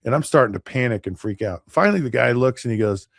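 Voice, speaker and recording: A man's voice: medium pitch, animated, fast talker, creaky, no echo, studio quality. A middle-aged man hosting a podcast, telling stories casually with many restarts and acting out what other people said. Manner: rambling, with many restarts and acted-out quotes. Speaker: podcast host, former NFL quarterback. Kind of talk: casual storytelling.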